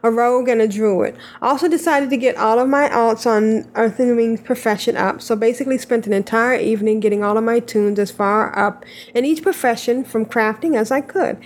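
A woman's voice: on the high side, brisk. A woman co-hosting a casual gaming podcast, reading listener emails aloud with giggly asides. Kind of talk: casual chat.

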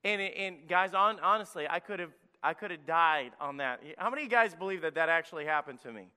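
Pastor type, male, high and bright, lively preaching, long reverb. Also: a little fast, smooth. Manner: energetic, preachy, drops to a hush for emphasis. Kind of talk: children's sermon.

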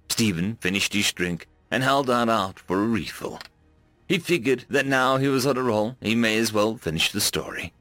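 Male narrator, even storytelling, dry recording, faint music. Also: fairly low pitch, normal speed, dry recording. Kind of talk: audiobook narration.

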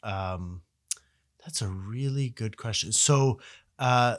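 A middle-aged man from Canada, a guest researcher, telling stories in a casual, animated way and often correcting himself mid-sentence. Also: on the low side, slow, no room sound, studio quality. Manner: animated, self-correcting, frequent fillers. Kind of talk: casual conversational storytelling.

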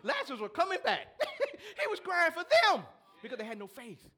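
Male pastor, high bright tone, animated sermon delivery with congregation asides. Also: normal speed.

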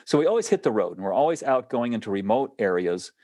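Male guest in casual chat, animated and laughing, lively delivery in a dry, close recording. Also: mid-range voice, fast talker, dry recording. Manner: animated, laughs often, restarts sentences.

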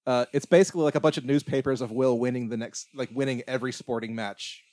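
A man co-hosts a casual film podcast, walking through the plot in a loose, meandering recap. His pitch sits right in the middle of the range, and he leans on "like" and restarts sentences as he goes. The recording is close and completely dry. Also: fairly even intonation, quick pace, darkish tone, dry recording. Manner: rambling retelling full of "like" and restarts. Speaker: podcast co-host. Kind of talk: casual movie-recap chat.

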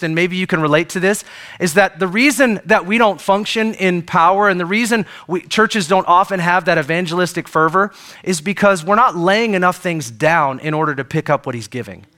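A pastor preaching to his church in a high voice. He keeps it loose and joking and keeps checking in with the congregation. His tone is bright and ringing. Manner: conversational, joking, asks the congregation questions. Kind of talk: sermon. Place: church service.

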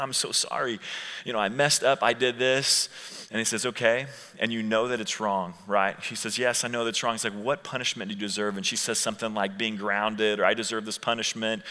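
A man in his thirties preaching a conversational sermon to students, acting out quotes and slowing down for key points. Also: on the low side, pushed and bright. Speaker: youth pastor. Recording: long hall reverb.

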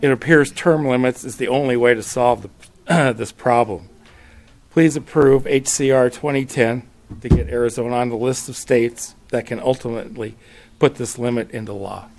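A man giving prepared testimony at a hearing, reading facts and figures in a measured, steady way. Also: medium pitch, creaky. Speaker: public witness at a legislative hearing. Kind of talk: prepared testimony read at a podium.

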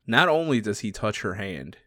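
A man reacting in casual conversation, jumping in with quick jokes and comments. His pitch swings widely, and the sound is dry and close, with no room echo. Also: big pitch swings, bright, forceful tone. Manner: quick reactive interjections, joking. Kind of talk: casual chat.

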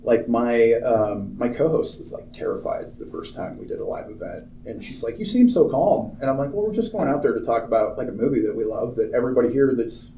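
A man chatting casually about old films, rambling along with constant "like" and "you know". He sounds distant from the mic in an echoey room. Steady background noise runs under him. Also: mid-range voice, fairly quick, few pauses. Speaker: film programmer and podcast co-host. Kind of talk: casual film chat.

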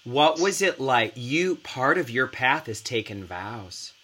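A man's voice: medium pitch, big pitch swings, slow pace, sharp tone, slightly rough. A man hosting an interview, reflective and thinking aloud as he asks questions. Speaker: podcast host. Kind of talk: conversational interview.

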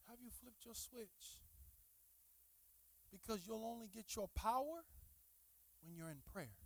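A middle-aged man preaching a sermon, swinging from shouted, rising passages to quiet, drawn-out asides, and talking straight to the congregation with "y'all" and playful teasing. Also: high-pitched, lively intonation, no echo. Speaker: pastor.

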